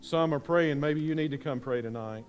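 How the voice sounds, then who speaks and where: A man's voice: on the high side, normal speed, faint music behind. A man preaching an earnest, pleading sermon invitation in a church, repeating his phrases. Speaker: pastor. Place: church sanctuary.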